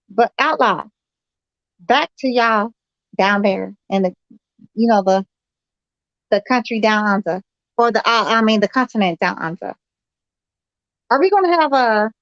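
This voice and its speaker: A man's voice: high-pitched, a bit bright, no room sound, muffled recording. A tired man, chatting casually and laughing easily. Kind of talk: casual chat.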